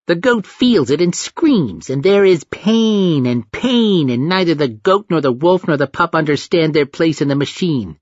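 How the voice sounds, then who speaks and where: A man's voice: fairly high pitch, husky, no room sound, heavily acted. A man voicing a monstrous, cruel alien god that sounds like a toddler and taunts with giggles. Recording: dull dry lo-fi recording.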